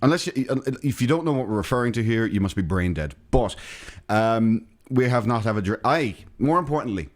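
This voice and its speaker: Male podcast co-host, rambling jokey banter, lively up-and-down pitch. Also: a little fast. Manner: joking, rambling banter with restarts. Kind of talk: casual chat.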